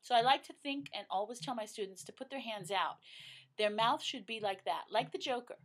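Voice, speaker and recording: A middle-aged woman teaching singing, explaining vocal registers slowly and breaking into loud sung exercises. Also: fairly high pitch. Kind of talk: vocal lesson with sung demonstrations.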